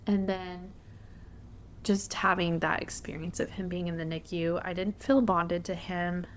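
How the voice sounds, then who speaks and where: Candid lower-voiced woman podcaster. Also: fairly even intonation, measured pace, a little hiss or hum. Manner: candid, conversational, frequent fillers. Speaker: podcast host. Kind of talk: casual personal storytelling.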